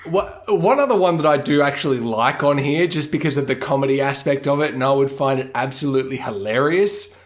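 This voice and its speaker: A man co-hosting a podcast, speaking at an ordinary middle pitch. He rambles with little hedges and fillers. He slips into short mock dialogues to make a point. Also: fairly quick, few pauses. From Australia. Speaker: podcast co-host. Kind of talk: casual chat.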